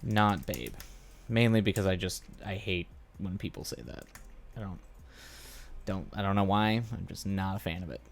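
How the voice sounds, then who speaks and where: A man on a live stream, musing and thinking aloud with rambling asides as he works through a script. His voice is deep and sits low. It carries a steady gravelly fry. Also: normal speed. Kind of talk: casual live-stream writing session.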